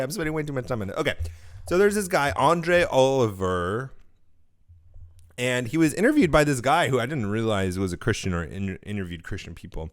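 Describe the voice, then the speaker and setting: A man's voice: mid-range voice, sing-song, brisk. A man hosting a faith-themed podcast alone, talking in a rambling, self-correcting way while getting over a cold that leaves his throat dry. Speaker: podcast host. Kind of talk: casual solo podcast commentary.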